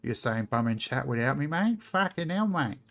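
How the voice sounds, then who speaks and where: Bloke doing a cheeky aussie lady voice, high and loud. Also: big pitch swings, moderate pace, creaky. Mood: indignant. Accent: Australian (put on). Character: brash young Australian woman, cheeky.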